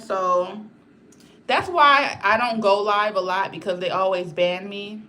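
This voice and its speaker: A woman's voice: mid-range voice, takes it slowly, sharp tone, a little hiss or hum. A woman chatting casually on a livestream, rambling and talking straight to her viewers in a blunt, outspoken way.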